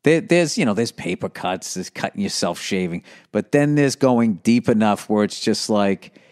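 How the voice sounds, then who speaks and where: A man's voice: fairly low pitch, expressive, moderate pace, darkish tone. Profane, rambling comedian man. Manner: profane, rambling, lots of fillers and restarts. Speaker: comedian podcast host. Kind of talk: rambling comic monologue.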